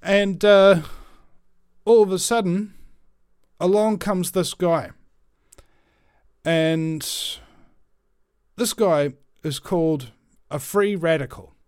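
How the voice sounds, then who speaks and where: A man giving an animated motivational monologue as a talk host. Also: high-pitched, takes it slowly, long pauses, clear, resonant tone, dry recording, clean studio sound. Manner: animated storyteller, emphatic.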